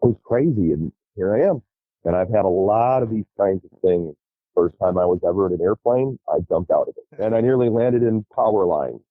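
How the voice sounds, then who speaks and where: A middle-aged man telling wild stories as a podcast guest, animated and profane, laughing as he goes. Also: lowish voice, fairly quick, no room sound. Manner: lively, profane, laughs through his stories. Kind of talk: animated storytelling. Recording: tinny phone-like line.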